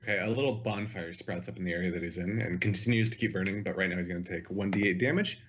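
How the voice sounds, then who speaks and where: A low-voiced man plays a tabletop game in an easygoing way, often pausing to think. The recording has a dull, muffled sound. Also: a bit bright, a little hiss or hum. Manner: easygoing, hesitant, wry. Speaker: player.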